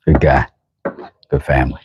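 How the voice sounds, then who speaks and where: Deep husky man chatting on a livestream. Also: flat delivery, normal speed, darkish tone, muffled recording. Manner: chatty, greets viewers, reacts aloud to his work. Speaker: livestream host and knifemaker. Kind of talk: casual livestream chat while working. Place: his workshop.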